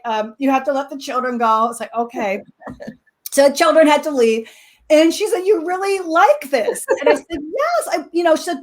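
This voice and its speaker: A middle-aged woman telling a lively classroom story in a casual talk, with many fillers and quick laughs. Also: high-pitched. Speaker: co-teaching expert guest.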